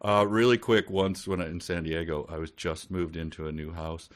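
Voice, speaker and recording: Male co-host, low voice, lively storyteller, exasperated acted-out dialogue. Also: moderate pace. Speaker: podcast co-host. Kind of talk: casual chat and storytelling.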